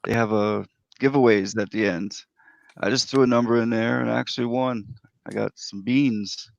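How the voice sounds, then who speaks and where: A man with a gravelly voice hosting a live stream, laid-back, thanking viewers by name. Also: medium pitch, steady tone, moderate pace, dry recording, highs cut off. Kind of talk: casual chat.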